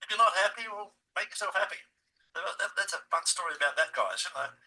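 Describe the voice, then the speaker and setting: A man in his seventies with a bright, forceful voice, animated and chatty. He hosts a podcast interview and keeps calling his audience guys. He sits a little back from the mic, with a slightly higher pitch than most men. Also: fast, far from the mic, poor audio. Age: 70s. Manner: animated storyteller, addresses listeners as guys. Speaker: podcast host. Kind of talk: casual interview chat.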